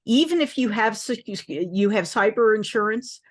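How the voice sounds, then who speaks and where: A middle-aged woman, an industry analyst, speaking in a measured, explanatory conversational discussion. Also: fairly high pitch, expressive.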